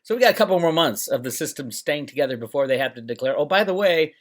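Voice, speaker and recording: A man's voice: medium pitch, lively intonation, fast. A middle-aged man hosting his own channel, talking in a rambling, sarcastic monologue and mocking others in put-on voices. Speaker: channel host. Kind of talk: casual monologue to camera. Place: home, Northern California.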